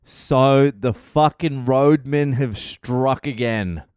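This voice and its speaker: A man hosting his own comedy podcast, telling a story in a blunt, animated monologue full of swearing. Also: mid-range voice, slow, clear, resonant tone, dry recording, clean studio sound.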